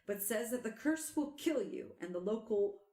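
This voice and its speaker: A woman hosting a podcast, telling a story in casual chat, animated and quick to laugh. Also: on the high side, reverberant. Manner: animated, laughs often, trails off and restarts. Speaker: podcast host.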